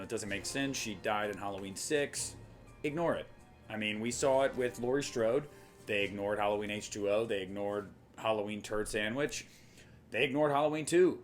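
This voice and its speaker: A young man talks straight to camera about where a horror franchise should go next. His voice sits mid-range and he hammers his points with blunt emphasis and wry jokes. A faint music bed runs beneath him. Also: medium pitch. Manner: emphatic, animated, jokey asides. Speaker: horror film commentator. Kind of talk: opinionated casual monologue.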